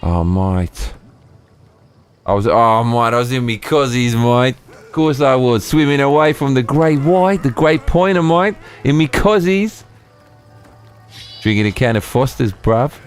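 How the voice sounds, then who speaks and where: A game streamer putting on a loud, cheeky Australian bloke voice that tacks "mate" onto every phrase. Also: male voice, medium pitch, unhurried, clear, resonant tone, faint music behind, voice pushed up, lightly acted. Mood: cheeky, boisterous. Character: boisterous, exaggerated Aussie bloke, adult man.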